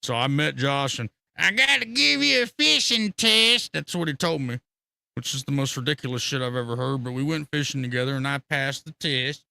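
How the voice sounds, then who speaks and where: A man's voice: medium pitch, brisk, creaky, no echo. A man telling rambling, profane fishing stories on a casual live stream. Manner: rambling, profane, animated storytelling with laughter.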